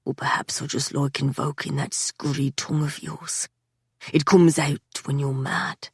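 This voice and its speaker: Woman reader doing brooding young man, low murmur, dry close mic. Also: fairly even intonation, measured pace, husky, no echo, exaggerated voice. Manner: low, hushed, half-whispered. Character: brooding gruff young man, wry and menacing.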